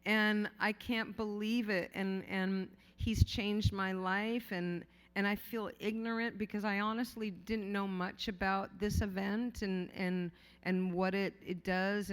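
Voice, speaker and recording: A woman's voice: medium pitch, fairly bright tone, clear, resonant tone. Rambling, candid woman at a ballroom podium. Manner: rambling, candid and joking, full of fillers and restarts, swears casually. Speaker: award honoree giving an acceptance speech. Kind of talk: off-the-cuff acceptance speech. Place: large hotel ballroom. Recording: long ballroom reverb.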